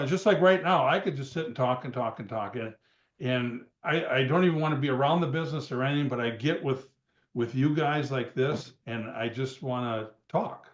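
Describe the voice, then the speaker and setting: A man in his sixties, a guest on a podcast, telling rambling stories and chuckling between them. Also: mid-range voice. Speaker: guest, retired wrestler. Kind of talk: casual storytelling. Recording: roomy, dull remote sound.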